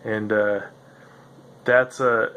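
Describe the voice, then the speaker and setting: A man's voice: fairly low pitch, level tone, very slow, sharp tone, clean tone. A man hosting a solo podcast, musing in a meandering, self-interrupting way with a slightly nasal voice. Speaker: podcast host. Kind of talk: rambling solo monologue.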